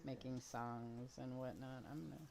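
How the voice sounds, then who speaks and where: A woman's voice: very deep voice, little pitch movement, normal speed, vocal fry, a crowd in the background. An older woman casually chatting and laughing while streaming a game with her daughter. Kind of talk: casual gameplay chat.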